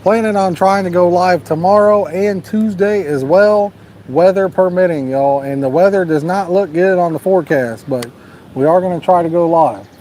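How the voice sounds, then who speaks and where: A man's voice: high-pitched, normal speed, warm tone, slight background noise. A man hosting a live fishing stream outdoors at night, chatting casually and reading out viewer comments. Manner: laid-back, drawling, urges viewers to like and subscribe. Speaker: fishing livestream host. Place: outdoors at a lake at night, storm nearby.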